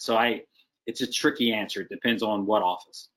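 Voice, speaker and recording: A man's voice: lowish voice, steady tone, moderate pace, fairly bright tone. Frank, emphatic male casting director. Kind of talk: advice in a video-call interview. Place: video call.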